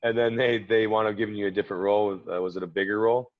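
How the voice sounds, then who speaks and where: Male co-host, lower pitch, easygoing, heard through dull lo-fi audio. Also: fairly even intonation, racing. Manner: laid-back, affirming. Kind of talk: casual interview.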